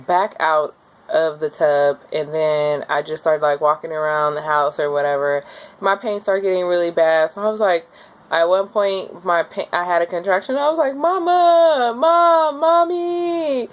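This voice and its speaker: A young woman casually telling her own story to the camera, chatty and candid, with lots of fillers and lively acted-out quotes. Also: unhurried, clean tone, highs cut off. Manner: acts out quoted voices with high jumps. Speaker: new mother telling her birth story.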